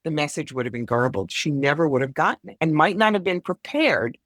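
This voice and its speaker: A woman's voice: deep voice, animated, brisk, no room sound, studio quality. A woman being interviewed as a psychic guest, speaking bluntly with wry, self-deprecating humor. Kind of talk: conversational interview.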